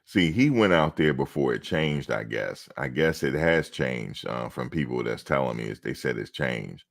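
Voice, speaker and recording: A man's voice: rumbling low, expressive, moderate pace, creaky. A man chatting casually on a livestream, telling rambling stories and talking straight to his viewers. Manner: rambling, loose storytelling, talks to chat viewers. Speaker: reaction streamer.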